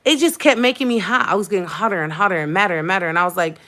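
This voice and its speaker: A woman's voice: mid-range voice, racing, fairly bright tone. Young woman venting on her vlog, heated and emphatic, repeats herself a lot. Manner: heated, emphatic storytelling with repetition. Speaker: vlogger. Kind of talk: casual livestream chat.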